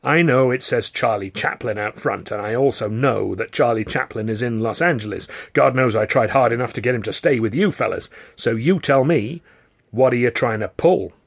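A man doing a gruff, growling theatre boss. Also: medium pitch, moderate pace. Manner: growling, barking. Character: burly gruff male American theatre boss.

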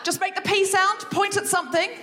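A woman, speaking as a guest on stage and leading an audience through a creativity exercise in a playful, energetic way, laughing often. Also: very high-pitched, brisk, some chatter behind, a little hiss or hum. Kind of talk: live stage talk to an audience.

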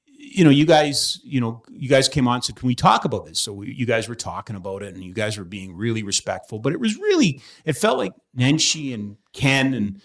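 Animated man telling stories. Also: medium pitch, fairly quick. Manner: animated storyteller, laughs often. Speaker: podcast host. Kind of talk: casual studio chat. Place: podcast studio.

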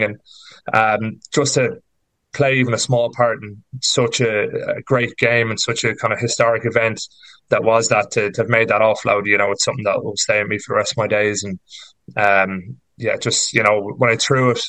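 A man with an Irish accent tells long stories in a rambling, filler-heavy way. His pitch stays flat and even. The sound is dry and close. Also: a little fast, dry recording, low-quality recording. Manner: chatty, rambling storyteller with many fillers. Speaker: rugby player guest. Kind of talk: casual podcast interview.

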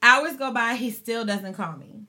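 Bright animated woman telling a story. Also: on the high side, a little slow. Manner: animated, expressive storytelling with lots of slang. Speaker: podcast host. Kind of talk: casual storytelling chat.

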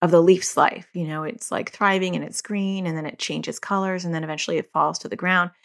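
A woman's voice: fairly low pitch, fairly even intonation, brisk, vocal fry. A middle-aged woman hosting a solo parenting podcast, talking candidly and conversationally and laughing at herself now and then. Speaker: podcast host.

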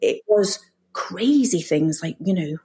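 A woman in her forties, a mother, candidly telling her story as a podcast guest in a halting way with restarts and nervous laughs. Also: on the low side, expressive, mellow.

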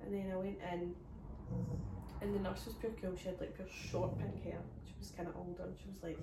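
A Scottish woman with a lowish, creaky voice tells a story fairly quickly on a comedy podcast, acting out everyone's lines in an animated way. A phone set away from her records the sound, so she comes across echoey and distant over a faint hiss of room noise.

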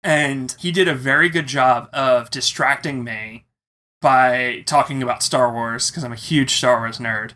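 A man recounting a personal story in a casual interview, animated and expressive as he tells it. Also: mid-range voice, measured pace. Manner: animated, acts out quoted voices.

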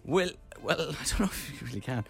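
A man's voice: on the high side, a little fast, vocal fry, faint music behind. A man with a Dublin Irish accent hosting a radio show, telling rambling stories in casual chat. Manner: rambling animated storyteller.

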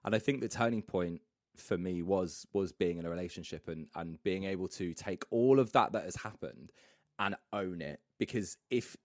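A man's voice: sits low, moderate pace, no room sound, studio quality. A young man from the UK, a radio presenter, chatting casually on a podcast, laughing often and joking about himself.

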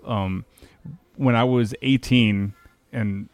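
Lowish voiced guy rambling thru a story, lots of swearing, dry close sound. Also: fairly even intonation, takes it slowly, smooth, no echo. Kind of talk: casual chat.

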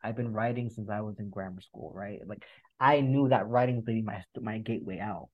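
A man's voice: on the low side, a little fast, dull audio. A man as a podcast guest, talking in an earnest, reflective way and often repeating words as he gathers his thoughts. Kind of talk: emotional interview conversation.

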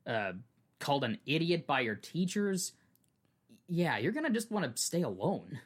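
A young man hosts a podcast and retells a story in a relaxed, chatty way, often restarting his sentences. His pitch sits a little high and swings up and down a lot as he talks. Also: normal speed. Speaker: podcast host.

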